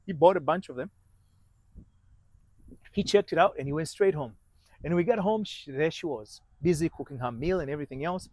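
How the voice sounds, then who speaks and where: A man coaching on marriage, telling a story in halting sentences with many restarts and dropping to a hushed voice at tense moments. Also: on the high side, rough recording. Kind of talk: motivational storytelling talk.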